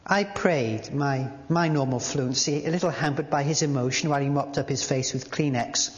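A man preaching a sermon in a church, halting at times with fillers and restarts, and reading aloud from a book. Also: medium pitch. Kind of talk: sermon with a read-aloud story. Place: church hall. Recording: dull sound in a large reverberant hall.

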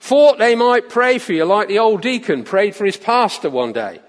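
A man doing a broad Cockney chap, booming. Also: very animated, normal speed, long reverb tail. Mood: teasing. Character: cheerful Cockney man, church member, teasing.

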